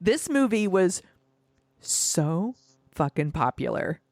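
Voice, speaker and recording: A woman hosting a casual podcast, her voice sitting on the low side. She jokes, laughs easily and swears offhandedly. The sound is dry and close to the mic. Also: sing-song, takes it slowly, a little mellow, no echo. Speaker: podcast host. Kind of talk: casual chat.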